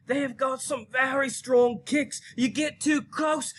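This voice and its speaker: A man co-hosting a classroom safari video, bantering in an over-the-top way with mock Aussie slang and the odd shout. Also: very high-pitched, takes it slowly, hardly any pauses. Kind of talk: playful mock nature-documentary narration.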